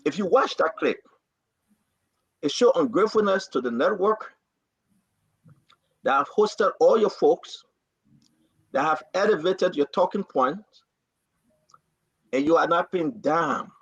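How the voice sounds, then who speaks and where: A man hosting a talk show, giving impassioned, repetitive political commentary in a husky, gravelly voice. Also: fairly high pitch, takes it slowly, long pauses, no room sound. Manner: repetitive, rising to animated outbursts. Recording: dry, dull lo-fi audio.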